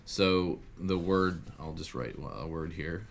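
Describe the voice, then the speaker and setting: Low-voiced guy teaching greek for an online class, lots of ums and restarts. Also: creaky, slight background noise. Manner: halting, many fillers and self-corrections. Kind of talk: online video lesson.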